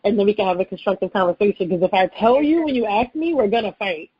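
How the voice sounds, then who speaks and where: A woman's voice: mid-range voice, fast talker, breathy edge, no room sound. A woman guest co-hosting a podcast, playfully telling stories in casual chat, on a dull lo-fi recording. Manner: playful, storytelling.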